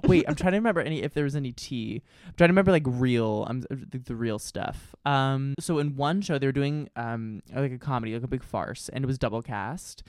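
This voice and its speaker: A man's voice: medium pitch, fairly quick, smooth, no echo, clean studio sound. A young man chatting casually as a podcast guest, telling stories with lots of fillers and restarts. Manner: chatty, animated storytelling with many fillers and restarts. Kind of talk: casual chat.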